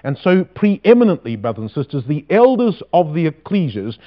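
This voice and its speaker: A man preaching a sermon, reading scripture slowly with emphasis and asking rhetorical questions. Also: on the high side, very animated. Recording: dull lo-fi recording.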